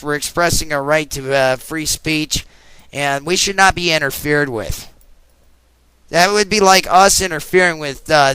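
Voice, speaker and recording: Fired up radio guy ranting at his listeners, kinda high, bright voice. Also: clear, resonant tone, dry recording, poor audio. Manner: angry, ranting, confrontational. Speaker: radio show host. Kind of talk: political talk radio monologue.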